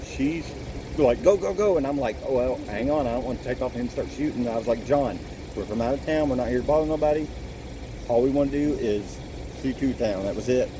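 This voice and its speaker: Rattled guy from illinois telling the story, mid-pitched voice, car engine and street noise behind. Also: fast. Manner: rambling, repeats "I was like". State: shaken and agitated. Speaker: visitor recounting an incident. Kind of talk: casual first-person account. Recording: noisy outdoor recording, car engine.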